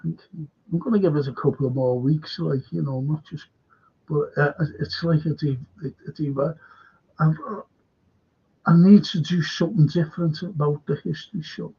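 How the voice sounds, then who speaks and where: Man hosting a live stream, husky and fairly high-pitched, casual and rambling, dull lo-fi stream audio. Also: moderate pace, dark tone. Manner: meandering, often drops to a near-whisper. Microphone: webcam or desk mic on a live stream.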